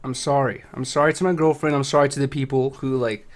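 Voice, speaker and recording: A man's voice: medium pitch, fairly even intonation, crowd noise. Nervous, rambling streamer man. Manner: rambling, halting, full of fillers. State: nervous, shaky. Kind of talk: casual apology on a livestream.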